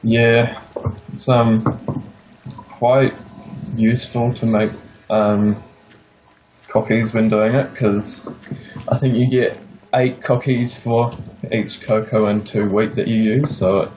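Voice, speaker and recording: Slow, halting New Zealand man. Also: lowish voice, little pitch movement, a little mellow, rough recording. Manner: hesitant, many pauses and fillers. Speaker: server builder giving a tour. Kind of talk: casual game tour chat.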